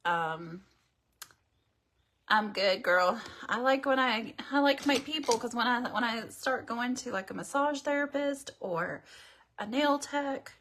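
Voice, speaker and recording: Husky-voiced woman rambling thru a makeup tutorial live, chatty, talks right to viewers. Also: on the high side, animated, a little slow, fairly bright tone. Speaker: beauty livestream host. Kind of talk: casual makeup tutorial livestream.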